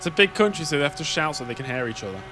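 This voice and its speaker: A man's voice: fairly high pitch, expressive, rapid-fire, music in the background. A man streaming a racing game, chatting in a rambling, wry way. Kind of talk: casual live-stream chat while gaming.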